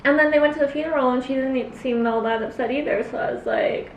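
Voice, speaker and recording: A woman's voice: high-pitched, fast. A young woman chatting in a rambling, filler-heavy way between bites while she eats on camera. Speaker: cosplay vlogger. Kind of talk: casual mukbang chat while eating. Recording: roomy, distant mic, faint hiss.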